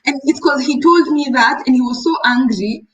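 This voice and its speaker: A woman's voice: sits high, moderate pace, rough recording. A woman, co-hosting a casual business chat and acting out stories. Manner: animated storyteller, acts out callers. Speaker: co-host, rabbit seller.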